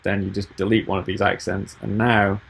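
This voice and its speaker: A man giving a software tutorial over a video call, explaining each step patiently. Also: on the low side, flat delivery, fairly quick, creaky, husky. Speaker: app developer giving a tutorial.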